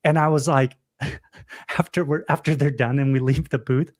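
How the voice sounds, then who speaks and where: A young man co-hosting a podcast livestream, telling stories in an animated, casual way full of fillers and laughs. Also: mid-range voice, moderate pace. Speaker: podcast co-host.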